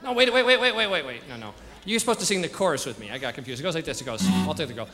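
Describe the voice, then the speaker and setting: A man's voice: on the high side, very animated, rapid-fire, long reverb tail, music in the background. A man on stage with a playful, teasing manner, joking with the crowd as he leads a children's sing-along. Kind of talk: joking stage patter at a live show.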